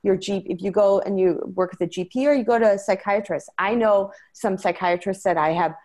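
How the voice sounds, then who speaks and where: A woman guest in an interview, talking earnestly and quickly, with frequent fillers and restarts. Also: mid-range voice, a little mellow. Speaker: interview guest, medication-transparency advocate. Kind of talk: conversational interview.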